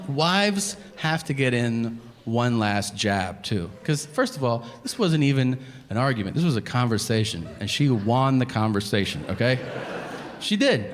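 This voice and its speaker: A stand-up comedian in his thirties telling a profane story on stage, acting out both sides of a conversation. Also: medium pitch. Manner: animated, profane storytelling with acted-out dialogue. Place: comedy club stage before a laughing audience. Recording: reverberant venue with crowd noise.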